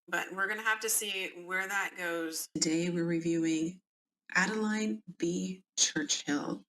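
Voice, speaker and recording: A woman's voice: fairly low pitch, sharp tone, a little hiss or hum. Chatty Southern woman hosting a true-crime reading. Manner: chatty, conversational asides to listeners. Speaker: podcast host.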